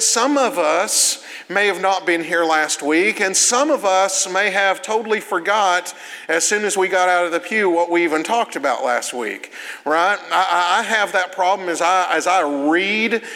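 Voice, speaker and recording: Guy giving a casual sermon, bright kinda tense voice, lots of church echo. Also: high-pitched. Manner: chatty, self-deprecating storytelling with quick asides. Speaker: preacher. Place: church sanctuary. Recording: long hall reverb.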